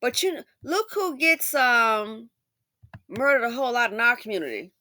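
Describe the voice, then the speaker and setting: A woman's voice: on the high side, sing-song, moderate pace, dry recording. Impassioned woman commentator, dry sound. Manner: impassioned, swings between loud emphasis and hushed asides. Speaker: commentary channel host. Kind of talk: emphatic social commentary.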